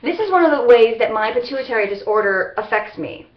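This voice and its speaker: Woman, rambling vlog talk, halting restarts, slightly high voice, roomy muffled webcam audio. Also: expressive. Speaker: vlogger. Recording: roomy, dull lo-fi webcam sound.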